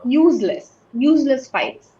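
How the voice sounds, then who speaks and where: A woman's voice: sits high, sing-song, measured pace, warm tone, lo-fi sound, slight background noise. Patient woman teaching English in an echoey room. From Bangladesh. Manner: patient, explains with many examples and checks understanding. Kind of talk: online class lesson.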